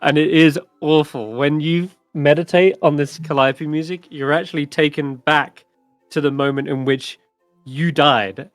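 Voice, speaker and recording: A man narrating as dungeon master in a tabletop game, chatty and animated. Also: on the high side, unhurried, no room sound, faint music behind.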